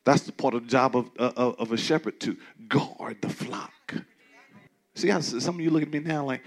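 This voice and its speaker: A man preaching a sermon as pastor, talking to the congregation in a conversational way with many restarts, dropping to quiet asides and rising to loud, emphatic declarations. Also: mid-range voice, brisk. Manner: frequent stammering restarts.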